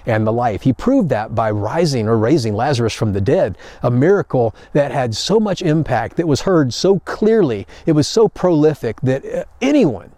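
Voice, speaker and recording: Man, pastor, sermon, warm mellow voice, dry close sound. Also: mid-range voice, very animated, moderate pace, few pauses, no room sound. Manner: conversational storytelling, acts out paraphrased quotes.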